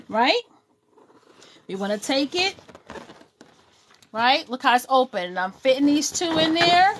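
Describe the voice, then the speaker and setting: A woman's voice: high-pitched, background noise. A middle-aged woman from Brooklyn with a New York accent, hosting a casual live-stream balloon tutorial, chatty and sassy, calling out viewers by name. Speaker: balloon decor tutorial host.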